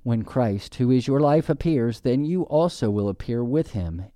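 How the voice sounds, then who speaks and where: Lively, mellow-voiced male preacher. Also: medium pitch, dry recording, studio quality. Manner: measured, emphatic preaching with slow stressed phrases. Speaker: pastor. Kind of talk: sermon.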